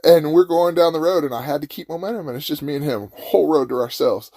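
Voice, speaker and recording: Man, casual storyteller, rambling and folksy, warm mellow tone, dry room. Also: on the high side, fast, no echo. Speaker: host telling a personal story.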